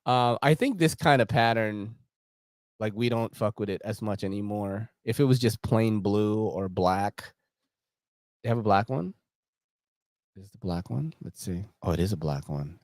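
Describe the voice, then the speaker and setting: Young male host, casual slangy chatter, very lively pitch, dry close sound. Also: a little slow, no echo. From Philippines. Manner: slangy, laughing, animated storytelling. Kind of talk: casual livestream chat.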